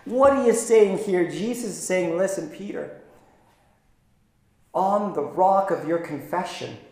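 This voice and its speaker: High-voiced man preaching in an echoey room. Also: a little slow, warm tone. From Philippines. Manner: conversational preaching with playful asides. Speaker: pastor. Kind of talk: sermon.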